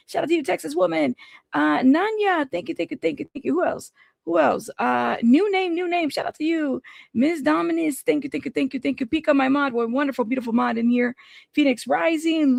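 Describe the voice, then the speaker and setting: A high-pitched woman with a heavily gravelly, fry-laden voice hosts a casual livestream, rattling off shout-outs to viewers by name. The sound is dry and close, with no room around her. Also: dry recording. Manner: chatty, greets viewers by name in quick bursts. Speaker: livestream news commentary host. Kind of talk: casual live-stream chat.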